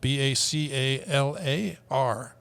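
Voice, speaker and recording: A man's voice: mid-range voice, slow pace, gravelly, a bit bright, smooth, dry recording. A man co-hosting a casual podcast chat, reading out car prices and quizzing the others. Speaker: podcast co-host.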